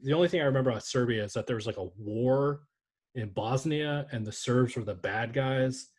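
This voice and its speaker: Husky-voiced man riffing on sports. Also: medium pitch, fairly quick, darkish tone. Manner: rambling, joking, swears freely. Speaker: podcast co-host. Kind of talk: casual sports podcast chat.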